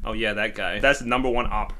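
Bright-voiced young man reacting to music. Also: fairly low pitch, fast, a little hiss or hum. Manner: excitable, slangy, breaks into laughs and sing-along. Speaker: music reaction video host. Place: bathroom.

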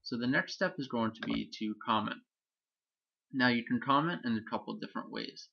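A man, a teacher, walks through a software tutorial on screen in a relaxed explanatory way, with frequent ums. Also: medium pitch, normal speed, creaky, highs cut off.

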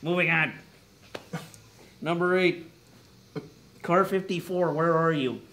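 A man's voice: fairly high pitch, slow pace, fairly bright tone, slight background noise. Rambling man hosting a countdown. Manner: rambling, self-correcting, wry asides. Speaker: co-host of a top ten list show. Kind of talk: casual joking commentary.

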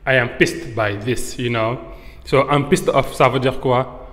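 A man teaching slang in a casual lesson, switching between French and English and acting out example phrases with drawn-out words. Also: medium pitch, steady tone, fairly bright tone. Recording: echoey room with long reverb.

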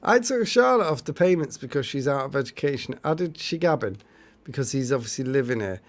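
A man chats on a livestream, reading out viewer comments and teasing them. His voice has a gravelly edge, and his pitch swings widely as he talks. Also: lively intonation, fairly quick. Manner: chatty, jokey, reads out viewer comments. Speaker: livestream co-host. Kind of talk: casual live chat with viewers.

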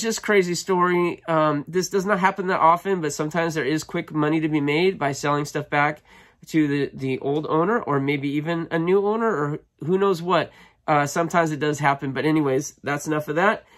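A man's voice: a little high, steady tone, moderate pace, a bit bright. A man vlogging casually, telling a long story with many ums and restarts, then touring a storage unit he bought. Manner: chatty, rambling, frequent ums and restarts. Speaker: storage locker buyer and vlogger.

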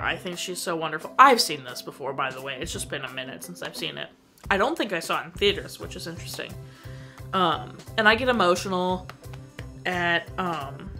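Gushing young woman reviewing a movie. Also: fairly low pitch. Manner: gushing, enthusiastic, frequent "like" fillers. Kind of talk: casual chat.

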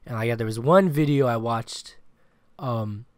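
A man's voice: medium pitch, unhurried, no echo. Rambling male podcast co-host, dry sound. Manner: rambling storyteller, heavy on filler words and swearing. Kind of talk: casual sports chat.

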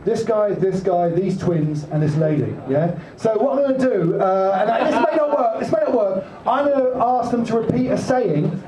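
A man's voice: high voice, far from the mic. A man hosting a comedy night in a pub, hyping up the crowd and introducing the next act. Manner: loud excitable crowd hype. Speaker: comedy club MC. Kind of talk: stand-up compering. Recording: echoey room, mic heard from afar. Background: crowd laughter.

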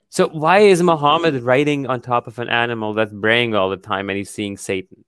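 A man's voice: medium pitch, a bit bright, clean tone, no echo. Man from Pakistan, young adult, casual chat, frequent laughter, dry close mic. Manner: laughs often, reads quotes aloud slowly. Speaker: co-host.

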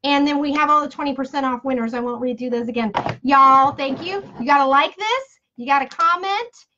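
A woman's voice: sits high, bright, forceful tone. A woman hosting a casual live giveaway stream, chatty and playful with jokey asides. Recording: dull lo-fi live-stream audio.

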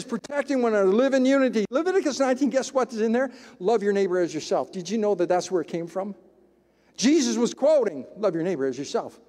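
A male pastor with a strikingly high voice delivers a sermon from the pulpit. His preaching is emphatic and conversational, leaning on dramatic pauses. The sound carries a long hall reverb. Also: darkish tone. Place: church sanctuary.

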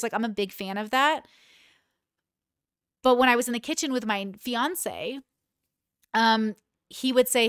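Candid woman host, smooth clear voice. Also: fairly high pitch, a bit bright, no room sound, clean studio sound. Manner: candid, emotional, rambling with restarts. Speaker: commentary host. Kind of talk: casual reaction commentary.

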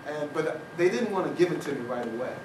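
A man's voice: a little high, lively intonation, fast talker, background noise. An older man giving a university talk, telling a personal story and acting out other people's lines. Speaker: lecturer. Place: university lecture hall. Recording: echoey lecture hall recording, mic far off, loud ambience.

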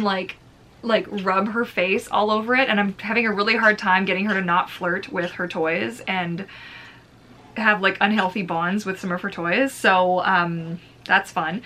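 Her mid-range voice sounds pushed and bright as this woman runs a relaxed pet-bird unboxing vlog. She's talkative and giggly, uses a lot of fillers, and speaks baby talk to her bird.

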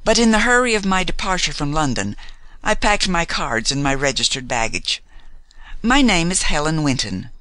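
A man's voice: a little high, big pitch swings, normal speed, bright, forceful tone, dry recording. A man voicing a frank, generous young woman traveling alone in an audiobook, polite and friendly but evasive. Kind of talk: audiobook character reading.

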